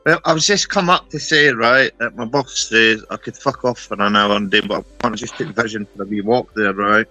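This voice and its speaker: A man in his thirties holds forth in casual chat with a bright, forceful voice. He is blunt and sweary and keeps checking in with "right?". Faint music plays underneath. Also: fairly low pitch, normal speed, few pauses, no room sound, poor audio. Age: 30s. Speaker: guest on live stream.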